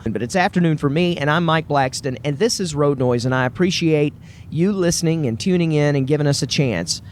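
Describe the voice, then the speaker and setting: A man with a Southern US accent talks straight to his listeners in a solo podcast monologue. His voice sits a little high for a man, and his delivery is earnest, upbeat and chatty. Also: a little fast, a little hiss or hum. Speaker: podcast host.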